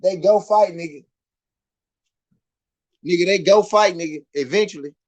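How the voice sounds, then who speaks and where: A man with a Southern US accent hosting a casual live boxing chat, animated and repetitive, swinging from muttering to loud outbursts. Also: high voice, measured pace. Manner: animated, swings from muttered to shouted, laughs often, repeats himself. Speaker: boxing show host.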